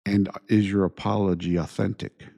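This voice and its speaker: Male podcast host, dark and mellow voice, reflective solo talk that circles back through rhetorical questions. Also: low-pitched, flat delivery, creaky. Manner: unhurried, repeats points with rhetorical questions. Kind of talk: reflective monologue.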